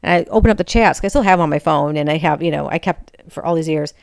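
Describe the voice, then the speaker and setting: A woman's voice: low voice, fast talker, gravelly, darkish tone, no room sound, studio quality. Candid woman venting on her podcast. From Michigan, USA. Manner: candid, frustrated, confessional. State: emotionally raw. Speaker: podcast host. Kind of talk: casual personal monologue.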